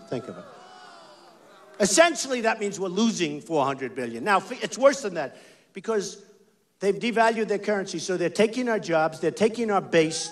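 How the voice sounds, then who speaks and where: Emphatic rambling older male stump speaker. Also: high-pitched. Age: 60s. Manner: rambling, emphatic, repeats phrases, talks to the crowd. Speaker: political candidate. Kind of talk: campaign rally speech. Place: large rally venue.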